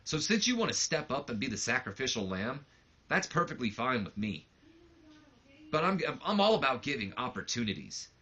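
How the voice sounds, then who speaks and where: A man's voice: medium pitch, big pitch swings, normal speed, pushed and bright, husky, lo-fi sound, voice pushed up, heavily acted. A man reading out the lines of a brash, cocky young male wrestling promoter in a sneering, boastful promo voice. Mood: taunting.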